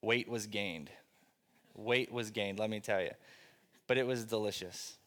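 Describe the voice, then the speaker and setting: A middle-aged pastor preaching a sermon, telling funny personal stories in a loose, conversational way before turning earnest. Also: male voice, on the low side, measured pace, fairly bright tone. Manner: conversational storytelling, self-deprecating humor. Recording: long reverb of a large hall.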